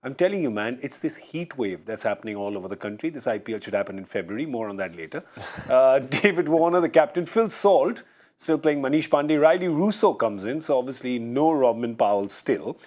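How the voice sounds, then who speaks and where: A man's voice: mid-range voice, animated, brisk, darkish tone. A man hosting a pre-match cricket studio show, reading out team news with breezy jokes. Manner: breezy, jokey. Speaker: host.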